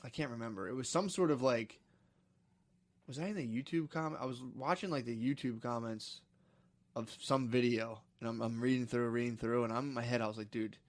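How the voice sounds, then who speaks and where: A man's voice: brisk, no echo. Guy co-hosting a podcast, rambly storyteller, mid voice, dry close mic. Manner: rambling storyteller, acts out people he quotes in high yelling voices. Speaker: podcast co-host. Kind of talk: casual chat.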